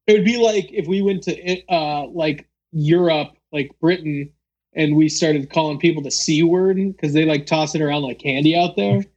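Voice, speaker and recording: High-pitched man, casual rambling chat host, lots of filler words. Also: steady tone, moderate pace, darkish tone, highs cut off.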